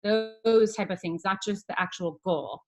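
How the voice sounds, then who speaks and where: Woman, casual talk, rambling, filler words, video call mic, mid pitch. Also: unhurried, highs cut off. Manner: chatty, rambling, many fillers and restarts. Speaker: presenter sharing a team training recap. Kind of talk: casual presentation.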